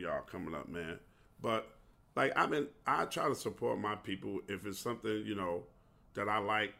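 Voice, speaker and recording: A man hosts a solo podcast, delivering an impassioned, preachy rant full of street slang while saying he feels unwell. His voice is lowish and a bit bright, with vocal fry.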